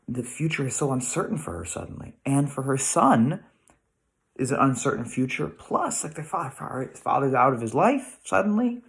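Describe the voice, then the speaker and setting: A middle-aged American man gives a relaxed Torah lesson straight to his listeners. He talks in a mid-range voice, thinking aloud with restarts and frequent rhetorical questions. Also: mid-range voice, moderate pace, vocal fry. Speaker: rabbi teaching weekly Torah lesson. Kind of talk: casual Torah lesson to camera.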